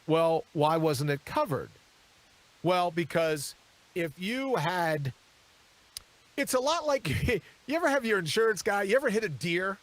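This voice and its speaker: A man hosting a live show from a studio, telling a story with lots of animation and acting out each character. His voice sits a little high for a man, and it rises and falls constantly as he talks. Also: a little slow. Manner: animated, acts out the people in his stories. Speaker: talk show host.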